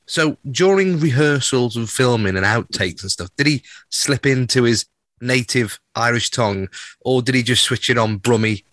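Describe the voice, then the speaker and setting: A man's voice: mid-range voice, moderate pace, fairly bright tone, dry recording. A man co-hosting a podcast, curious and chatty as he asks a question. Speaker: podcast co-host. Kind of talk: casual podcast chat.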